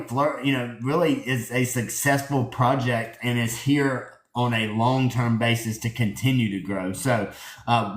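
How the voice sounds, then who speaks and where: A man with a Southern US drawl hosts a live stream from his phone, speaking earnestly and rambling through fillers and self-corrections. His voice sits at an ordinary middle pitch. The room around him rings with noticeable echo. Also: a bit bright. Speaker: host of a crypto project live audio space. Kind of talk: casual live-stream talk. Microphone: phone in a holder.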